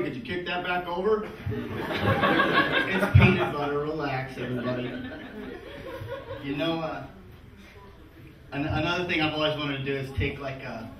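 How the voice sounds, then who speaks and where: A man in his thirties doing a crude live stand-up set, often laughing through his own punchlines. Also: fairly high pitch. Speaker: stand-up comedian. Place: comedy club stage with audience. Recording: distant, echoey live-room recording with loud audience noise.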